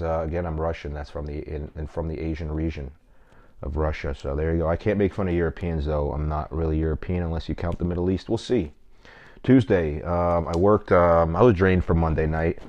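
A man's voice: deep voice, darkish tone, dull audio. A man hosting his own podcast as a stand-up comic, rambling casually with lots of swearing and self-mocking asides. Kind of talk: casual solo podcast chat.

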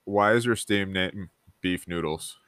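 A man's voice: low voice, unhurried, a bit bright, no room sound, clean studio sound. A man hosting a podcast, agreeable and encouraging as he asks open questions. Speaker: podcast host. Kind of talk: casual interviewing.

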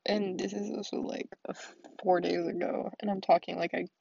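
Husky, gravelly young woman venting. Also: lowish voice, little pitch movement, a little fast, mellow, highs cut off. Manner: rambling, filler-heavy, often dropping to a whisper. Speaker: vlogger. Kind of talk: solo confessional vent.

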